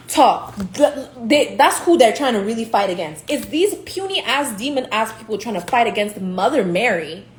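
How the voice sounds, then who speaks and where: A woman's voice: mid-range voice, darkish tone. A young woman from Nigeria giving a casual spiritual monologue as a tarot reader, blunt and profane, laughing often. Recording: echoey room, faint hiss.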